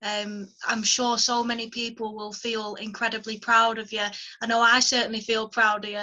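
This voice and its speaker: A woman's voice: fairly high pitch, little pitch movement, normal speed, hardly any pauses, bright, forceful tone. A woman hosting an online open mic, effusive and enthusiastic in her praise, heard over a video call.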